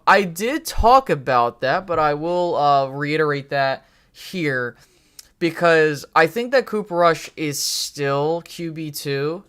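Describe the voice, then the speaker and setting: A man's voice: fairly high pitch, expressive, slow pace, a bit bright, smooth. A man hosting a live sports talk stream, giving rambling, opinionated takes with frequent fillers, restarts and casual swearing. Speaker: podcast host.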